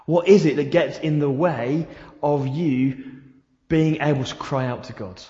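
A pastor preaches a sermon in a church hall, repeatedly putting rhetorical questions to his listeners. His mellow voice is fairly high-pitched and measured in pace, and the recording sounds dull and echoey.

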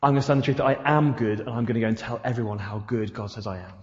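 A man's voice: mid-range voice, steady tone, racing, a little mellow. A man preaching a sermon in a church hall, asking his listeners repeated rhetorical questions. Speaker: pastor. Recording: echoey hall, dull sound.

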